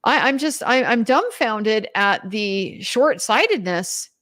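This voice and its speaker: A woman's voice: on the high side, animated, slow, fairly bright tone. A young woman commenting on a trial in a casual recap, incredulous and emphatic, reading out quotes as she goes. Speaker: legal commentator.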